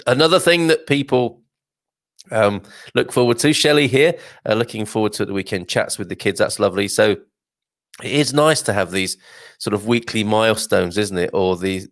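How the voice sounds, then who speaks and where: A man's voice: on the low side, dry recording, clean studio sound. A man hosting a casual morning live stream, chatting and reading out viewer comments in a self-amused way, with lots of fillers and restarts.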